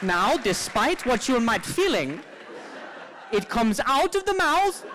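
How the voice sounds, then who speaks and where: A man on stage putting on a mock Swedish accent to voice an earnest male author reading his book aloud, slow and lilting. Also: very high-pitched, fairly bright tone, slight background noise, voice pushed up, full character voice. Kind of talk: stand-up crowd work.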